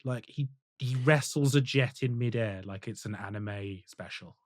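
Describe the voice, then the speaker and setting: A man co-hosting a gaming podcast in casual chat, talking in animated, emphatic bursts and laughing often. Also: medium pitch, normal speed, dry recording, clean studio sound. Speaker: podcast co-host.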